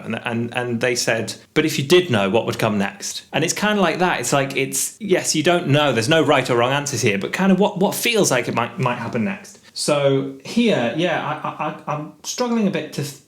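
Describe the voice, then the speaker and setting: A man's voice: medium pitch, echoey room. A music teacher thinking aloud as he writes a jazz solo, humming and scatting the rhythms in a casual way. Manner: hums and scats the rhythms, talks casually.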